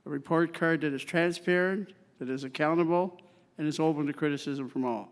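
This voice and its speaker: A man's voice: on the high side, fairly quick. A man from Cape Breton running for mayor gives a pointed, sardonic opening statement, stressing key words. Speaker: mayoral candidate. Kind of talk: prepared debate statement. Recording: long reverb in a convention hall.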